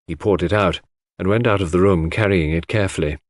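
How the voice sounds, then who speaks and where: A man reading a classic mystery aloud in measured, expressive narration. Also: low-pitched, dry recording. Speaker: audiobook narrator.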